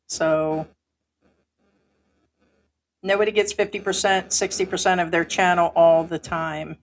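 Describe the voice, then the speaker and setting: A woman's voice: fairly low pitch, slow, pauses often. A woman hosting a livestream who reads viewer comments aloud and answers them in an emphatic, indignant way. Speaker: livestream host. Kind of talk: live chat commentary.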